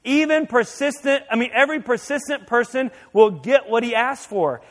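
A man preaching a sermon as a pastor, animated and shouting at times for effect. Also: very high voice, moderate pace.

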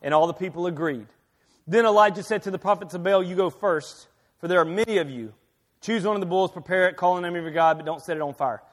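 A man preaching a sermon as pastor, swinging from quiet talk to loud, emphatic reading, often restarting and repeating his words. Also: high-pitched, quick pace. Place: church sanctuary. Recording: long hall reverb.

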